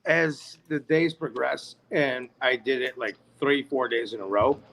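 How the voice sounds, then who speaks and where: A man's voice: mid-range voice, fairly even intonation, unhurried, a bit bright. A man in his forties, a guest telling stories in a laid-back, profane way and saying "man" often. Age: 40s. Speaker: podcast guest, bass player. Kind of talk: casual chat storytelling.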